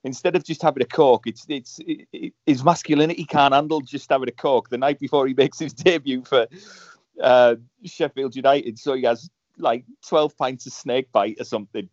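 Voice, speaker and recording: A man's voice: medium pitch, normal speed, a little mellow, no echo. A man chatting casually about a film on a podcast, joking and restarting his sentences often. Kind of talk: casual chat. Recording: dull, slightly lo-fi dry sound.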